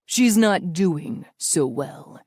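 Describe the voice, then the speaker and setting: A silky, menacing villain who drags every word out slowly and taunts with cruel amusement, as a woman reader puts him on. The voice sinks lower than the narrator's own and sounds dry and close. It is a storybook bad guy savoring every threat. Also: animated, mellow, dry recording, heavily acted. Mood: taunting. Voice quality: silky smooth, deep. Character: sinister silky-voiced older man, villain.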